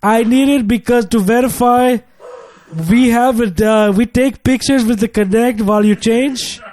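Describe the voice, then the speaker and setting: A man voicing a pushy, officious male tech-support agent in an improvised comedy skit, speaking insistently and loudly. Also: very high voice, fairly even intonation, measured pace, voice pushed up.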